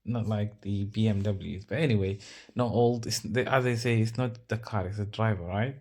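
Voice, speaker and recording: Male vlogger, low-pitched, Arabic, chatty and self-mocking with lots of tangents. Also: fairly even intonation, normal speed, a little mellow. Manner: rambling, self-mocking, with many asides. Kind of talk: casual talk over car-maintenance footage.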